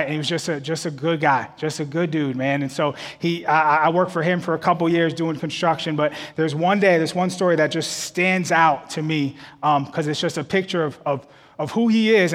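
A man preaching a sermon, telling a story and rising to loud shouted peaks before a laughing congregation. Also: fairly high pitch, long reverb tail.

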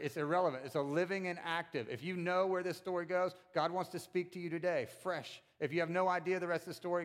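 Lively man preaching a casual sermon. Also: on the high side. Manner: animated, acts out voices of the people in the story. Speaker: pastor. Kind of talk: conversational sermon.

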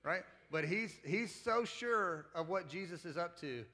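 A man's voice: high voice, lively intonation, measured pace, sharp tone. A man preaching a sermon in a conversational way, retelling a Bible passage and acting out the disciples in casual speech. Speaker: pastor.

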